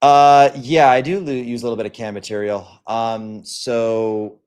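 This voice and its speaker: A man's voice: medium pitch, little pitch movement, unhurried, darkish tone, clean tone. A young man hosting a livestream, talking bluntly and crudely in a casual rant, often acting out the lines of other people. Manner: blunt and profane, acts out quoted lines. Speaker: livestream host.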